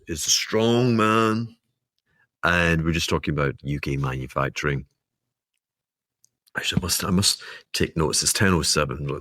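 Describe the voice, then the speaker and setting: Deep-voiced man rambling through market commentary. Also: sharp tone, no echo, studio quality. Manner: rambling, wry and self-mocking, with laughing asides. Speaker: podcast host. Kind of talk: solo market commentary monologue.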